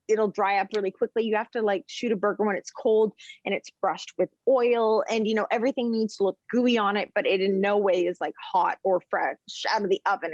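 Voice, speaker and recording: Woman podcast guest, chatty, rambling storyteller, laughs often, mid-pitched voice, dry and dull recording. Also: dry recording. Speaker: podcast guest, chef and food journalist. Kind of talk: casual podcast chat.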